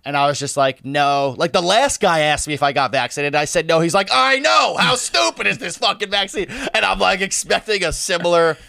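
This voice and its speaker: A man telling a story in casual chat, animated, swearing and laughing often, acting out what others said. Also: high-pitched, brisk, creaky, hardly any pauses, no room sound. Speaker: podcast co-host telling a story.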